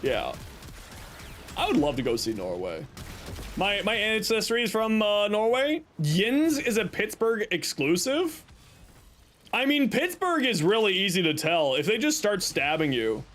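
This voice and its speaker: On a game stream, a young man teases his viewers playfully and tosses out deadpan bits. His voice sits high and he talks a little slowly, keeping the chat casual.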